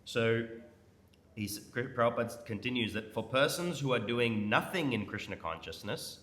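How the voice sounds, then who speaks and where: A man's voice: medium pitch, animated, moderate pace, fairly bright tone. A man giving an informal class in a temple hall, quizzing and teasing his audience. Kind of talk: conversational scripture class. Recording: echoey hall with faint noise.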